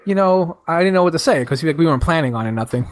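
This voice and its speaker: A man in his thirties from New York, co-hosting a podcast and telling a long story with lively acted-out quotes. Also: on the high side, very fast. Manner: animated, acts out quoted friends in raised voices. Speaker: podcast co-host. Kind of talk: casual storytelling chat.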